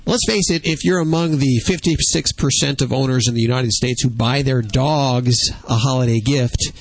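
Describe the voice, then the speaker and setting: A man's voice: medium pitch, normal speed. A man hosting a talk radio show, jokey and teasing with his guests and callers.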